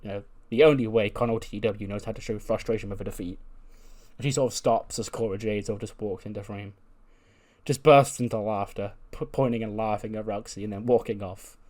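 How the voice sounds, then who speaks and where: A man's voice: lowish voice, steady tone, brisk, darkish tone. Chatty man narrating a wrestling game. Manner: chatty, wry, filler-heavy. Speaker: let's play host. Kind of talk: casual game commentary.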